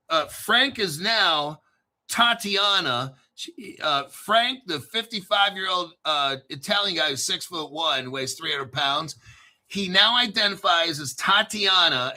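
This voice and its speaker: A man hosting a crypto channel, delivering a profane, combative rant and often clearing his throat. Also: high-pitched, bright, forceful tone. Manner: profane, combative, boastful ranting. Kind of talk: ranting solo commentary.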